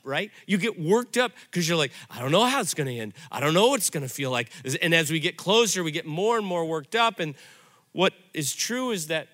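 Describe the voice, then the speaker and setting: A middle-aged man pastor giving a sermon, telling stories in an animated, conversational way. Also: sits high.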